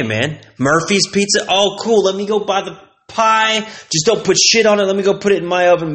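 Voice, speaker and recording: Swearing nonstop through a casual rant, this young vlogger from Texas lets his voice leap upward when he gets heated. He speaks at a medium pitch with a slightly bright tone.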